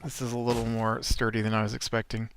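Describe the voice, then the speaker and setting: Man, let's play host, casual rambling commentary, smooth clear voice. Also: mid-range voice, completely flat delivery, fast talker, dry recording. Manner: rambling, nitpicky recap with many fillers.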